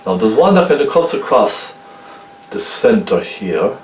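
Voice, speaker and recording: A man's voice: lowish voice, very animated, measured pace, echoey room, distant mic, slight background noise, rough recording. A man with a Cork Irish accent giving a chatty painting lesson, often checking in with the viewer. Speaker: painting instructor. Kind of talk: casual painting tutorial.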